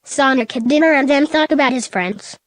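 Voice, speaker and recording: A woman's voice: sits high, a little fast, no room sound. A synthetic female text-to-speech voice narrating a silly storybook tale.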